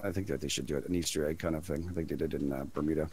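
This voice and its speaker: A man's voice: rumbling low, fairly even intonation, rapid-fire, a little mellow, a little hiss or hum. A man chatting casually while playing a co-op survival game, stammering a little and laughing often. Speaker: game player. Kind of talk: casual co-op gaming chat.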